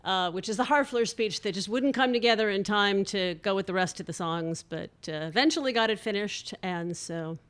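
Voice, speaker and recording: A woman's voice: mid-range voice, normal speed, few pauses, fairly bright tone, clean tone. A woman giving a casual spoken introduction to her song, friendly and a bit apologetic, with small hesitations.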